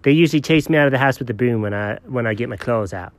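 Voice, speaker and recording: A man's voice: medium pitch, quick pace, dry recording, pitched below the performer's own voice, close to an everyday voice. A man voicing a dopey, mischievous pet dog who talks in a dim, sheepish drawl.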